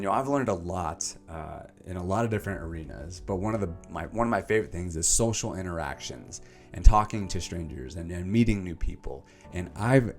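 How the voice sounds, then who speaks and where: A young man in a casual vlog, summarizing a self-help book to camera with animated, emphatic delivery and plenty of fillers. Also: low-pitched. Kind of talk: casual energetic vlog talk.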